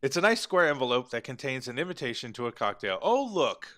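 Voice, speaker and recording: A man reads a story game aloud, stopping to joke about the text and to correct himself. His voice is bright and forceful at a mid pitch. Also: expressive, fast. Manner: reads the story aloud, breaking off for joking asides. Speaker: game player reading aloud. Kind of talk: let's play narration with commentary.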